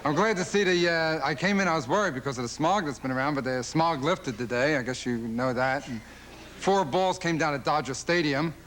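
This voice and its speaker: A man works through a stand-up routine in a high, quick voice, hopping from one observation to the next and mimicking fans. It is an old television broadcast, with a studio audience laughing loudly under him. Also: background noise. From Philadelphia. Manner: rapid-fire observational jokes, mimics fans and dog owners in high voices. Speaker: stand-up comedian. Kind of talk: stand-up routine on a late-night talk show.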